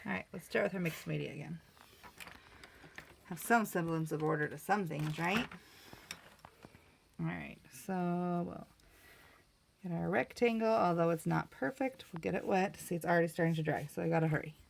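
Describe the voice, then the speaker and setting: Creaky-voiced chatty woman painting. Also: lowish voice, normal speed, long pauses, slight background noise. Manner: chatty, self-mocking, laughs easily. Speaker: art vlogger. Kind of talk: casual crafting tutorial chat.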